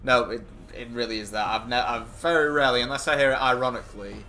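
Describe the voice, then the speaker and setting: A man, a game streamer chatting casually and rambling excitably, swearing freely as he talks to friends while he plays. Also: mid-range voice, fast talker, soft background music. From England. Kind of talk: casual chat while gaming.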